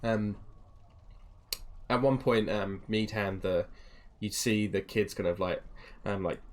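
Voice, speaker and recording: A man's voice: lowish voice, slow pace. A man narrating as game master in a rambling way, full of fillers. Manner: rambling, filler-heavy, laughing.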